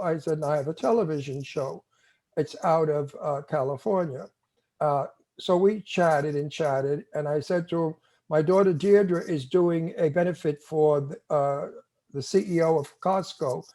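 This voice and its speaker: An older man with a tough Brooklyn New York accent tells a story in a casual interview. His voice sits a little high but sounds mellow and warm, and he acts out what people said. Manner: animated storyteller, acts out quotes. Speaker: TV show host, interviewee.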